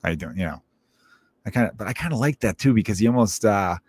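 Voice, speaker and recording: Fast-talking and expressive, this man in his thirties has a lowish, darkish, slightly rough voice. He hosts a podcast, rambling through profane stories in a casual monologue and interrupting himself often.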